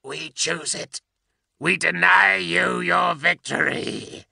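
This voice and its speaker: A man voicing an ancient, dying, armored war-machine warrior with a grim, rasping, defiant voice. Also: sits high, slow pace, pushed and bright, no echo, studio quality, full character voice. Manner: defiant, fatalistic.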